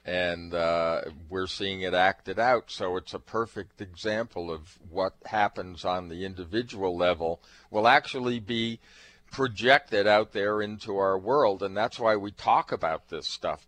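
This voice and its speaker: A man's voice: low-pitched, measured pace, fairly bright tone, rough recording. A man co-hosting a talk radio show, speaking thoughtfully with many hesitations. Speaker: radio co-host.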